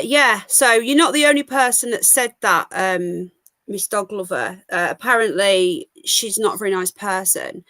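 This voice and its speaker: An English woman hosts a live call-in stream, chatting casually, greeting viewers, and gossiping. Her medium-pitched voice is bright and forceful, with no room sound.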